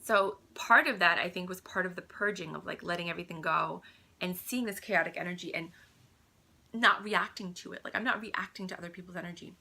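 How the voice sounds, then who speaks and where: A woman talking softly and earnestly in a personal spiritual vlog at home, sometimes dropping to a whisper. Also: fairly low pitch, brisk, vocal fry. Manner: soft, earnest, drifts into whispers. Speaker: vlogger.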